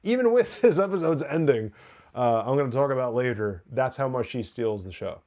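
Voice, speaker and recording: A man hosting a live TV review show, recapping an episode in a loose, excited, profane way with lots of fillers. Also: medium pitch, moderate pace. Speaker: TV review podcast host.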